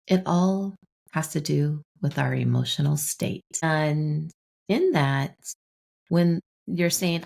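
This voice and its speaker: A woman podcast guest explaining her ideas in a relaxed, explanatory way, telling anecdotes. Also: low voice, takes it slowly, vocal fry. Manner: explanatory, tells anecdotes with acted-out dialogue. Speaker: guest, manifestation teacher. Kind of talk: podcast interview.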